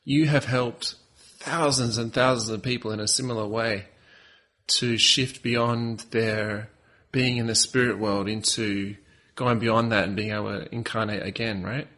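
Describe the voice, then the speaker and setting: A man's voice: lowish voice, steady tone, a little slow, sharp tone. A man hosting a podcast interview who thinks aloud casually while asking questions. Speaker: podcast host.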